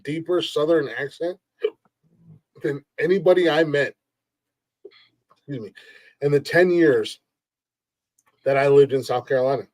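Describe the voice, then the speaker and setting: A man from Ohio hosting a podcast in casual chat, jokey and loud, with mock voices and swearing. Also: a little high, unhurried, pauses often, low-quality recording. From Ohio, United States. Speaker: podcast host.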